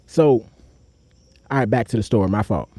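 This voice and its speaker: A man's voice: normal speed, husky, no room sound. A young man telling a personal story on a live stream, in a loose, slangy way, breaking off to talk to the chat. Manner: acts out other people's voices with sharp jumps up in pitch.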